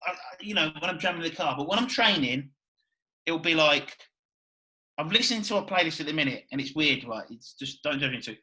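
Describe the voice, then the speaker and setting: Excitable, foul-mouthed male podcast host. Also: fairly high pitch, fairly quick, rough recording. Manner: excitable, swears a lot, repeats "you know what I mean". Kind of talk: casual chat.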